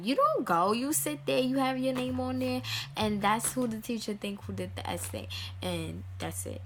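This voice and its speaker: A young American woman offers casual life advice to the camera, speaking emphatically, repeating lines, and sometimes dropping to a whisper. Her voice is a little high and a bit slow, and the recording carries a slight hiss or hum.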